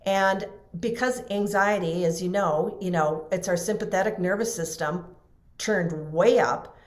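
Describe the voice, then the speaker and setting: A middle-aged woman, a podcast guest and trainer, telling a personal story in a lively way and acting out the people she quotes. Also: lowish voice, unhurried. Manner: animated, acts out quoted voices, laughs often. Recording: roomy echo.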